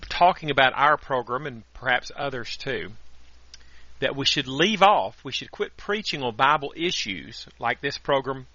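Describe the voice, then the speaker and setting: A man hosting a Sunday night radio program, giving an earnest, steady sermon with scripture readings. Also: medium pitch, normal speed, no room sound. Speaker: radio preacher and host. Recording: dry, dull lo-fi radio audio.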